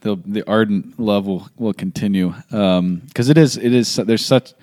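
A man's voice: fairly low pitch, moderate pace, a little mellow, no echo, clean studio sound. A young man hosting a podcast, telling rambling, self-deprecating stories in casual chat. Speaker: podcast host.

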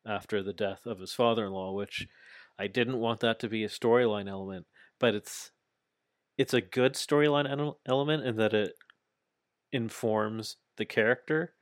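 Male podcast co-host, low voice, dry close sound, animated storyteller. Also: dry recording. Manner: animated retelling, acts out quotes. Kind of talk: casual wrestling chat.

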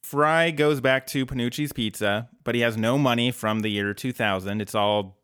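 Man, podcast co-host, smooth clear voice, dry close sound, casual recap chat. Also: mid-range voice, normal speed, fairly bright tone, dry recording. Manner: chatty, recaps plot with dry jokes.

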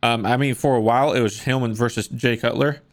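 A man's voice: medium pitch, fairly even intonation, brisk. A man co-hosting a sports podcast, giving blunt, opinionated takes. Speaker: podcast co-host. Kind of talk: casual sports chat.

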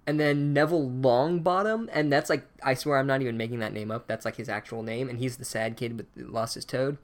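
A man's voice: mid-range voice, steady tone, a little fast. A man giving a profane, sarcastic comedic recap of a book chapter, ranting as he goes.

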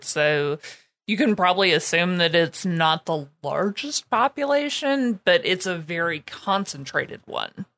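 A woman's voice: on the low side, expressive, normal speed, a bit bright. A woman co-hosting a podcast, chatting casually in a blunt, opinionated way with frequent laughs. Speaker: podcast co-host.

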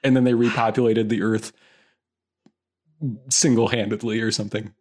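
A woman co-hosting a podcast, retelling a film in a wry, drawn-out casual way. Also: a bass voice, little pitch movement, darkish tone. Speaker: podcast co-host. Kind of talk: casual chat.

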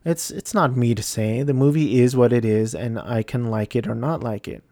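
A man's voice: mid-range voice, moderate pace, mellow, no echo. A man giving a casual, rambling movie review, hesitant and self-deprecating.

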